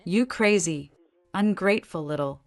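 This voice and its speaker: A woman's voice: fairly low pitch, normal speed, close to an everyday voice. A woman voicing a spiteful, sneering woman in a family drama story, a contemptuous manner. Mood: outraged.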